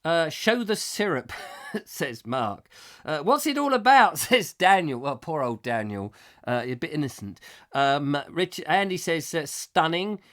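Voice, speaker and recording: Middle-aged male comic host, bright high-ish voice, rambling and playful, slips into silly voices. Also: big pitch swings, a little slow. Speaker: comic chat show host. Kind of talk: live comic monologue reading viewer comments.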